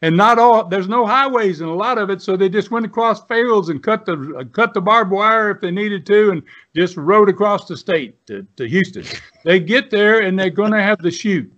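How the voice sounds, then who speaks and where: A man's voice: sits high, animated, moderate pace, a bit bright. A man in his seventies from the United States, telling long rambling stories in a folksy, casual way. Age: 70s. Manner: rambling, folksy, many restarts and fillers. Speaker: guest, former pro wrestler. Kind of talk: casual storytelling. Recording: dull lo-fi sound.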